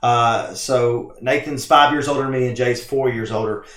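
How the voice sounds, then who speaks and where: A man hosting a casual stream chat, telling family stories in a lively way. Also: medium pitch, moderate pace, roomy sound. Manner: lively storyteller, laughs often. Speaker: streamer host.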